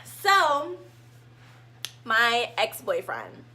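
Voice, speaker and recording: Animated young woman, bright voice. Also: fairly high pitch, drawn-out words. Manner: animated, dramatic reenactments of herself. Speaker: vlogger. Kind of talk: casual storytime.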